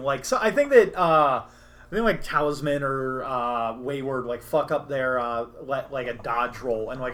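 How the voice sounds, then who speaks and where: A man's voice: fairly high pitch, a bit bright. A young man casually retelling a tabletop game session in a loose, rambling way, with many fillers and restarts. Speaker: podcast host recapping a game session. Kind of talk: casual storytelling recap.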